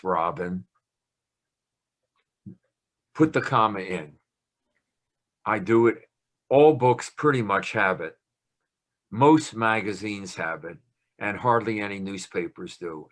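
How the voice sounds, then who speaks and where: Older guy with a lowish voice joking around about commas on a zoom call. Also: fairly bright tone. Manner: playful, chatty lecturer with a teasing tone. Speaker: guest speaker on language. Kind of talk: casual talk on a video call. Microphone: video call.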